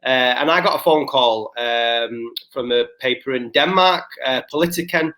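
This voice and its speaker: A man's voice: medium pitch, moderate pace, pushed and bright. A man co-hosting a podcast in casual chat, rambling and swearing a lot, often stumbling over his words. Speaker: podcast co-host.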